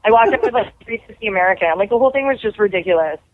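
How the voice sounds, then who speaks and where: A woman's voice: medium pitch, rapid-fire. Chatty woman on a phone line. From Canada. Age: 30s. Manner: chatty, animated, lots of "like" fillers. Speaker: guest actor. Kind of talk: casual storytelling. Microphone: phone call.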